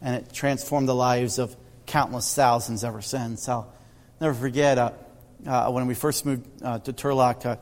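A male pastor telling stories in a sermon, often halting and repeating words. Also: medium pitch, steady tone, long reverb tail. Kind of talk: sermon storytelling.

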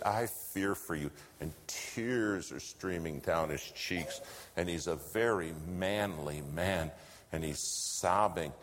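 A man preaching a sermon, telling a story and swinging between loud lines and hushed whispers. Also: deep voice, takes it slowly, a little hiss or hum. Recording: long hall reverb.

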